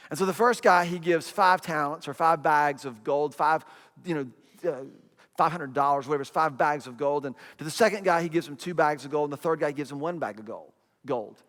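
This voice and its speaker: A man's voice: on the high side, fairly quick, a bit bright, long reverb tail. A middle-aged man preaching a sermon in a conversational way, repeating phrases and acting out quotes. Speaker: pastor.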